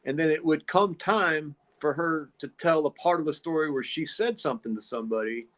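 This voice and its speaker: A man's voice: on the high side, fairly quick, fairly bright tone. A man telling a long, rambling story in a casual podcast monologue. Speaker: podcast host.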